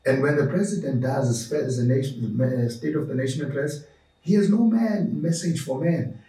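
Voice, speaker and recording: A man's voice: medium pitch, normal speed, dark tone. A man speaking passionately as a podcast guest, emphatic and preaching, building his points through repeated lists. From South Africa. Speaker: podcast guest, movement founder. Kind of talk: passionate interview talk. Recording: roomy room, distant mic.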